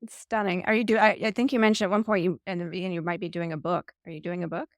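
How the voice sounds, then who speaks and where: A woman's voice: lowish voice, fairly even intonation, very fast, no room sound, studio quality. A woman hosting an interview show who gushes over her guest and acts out little quotes, heard over a video call. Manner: gushing and effusive, acts out quotes. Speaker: host. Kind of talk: casual interview chat.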